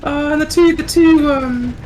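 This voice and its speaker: A woman's voice: sits high, unhurried. A woman with a mixed Yorkshire and South African accent, co-casting a live game tournament, giggling and rambling as she loses her words. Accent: mix of Yorkshire and South African. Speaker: tournament co-caster.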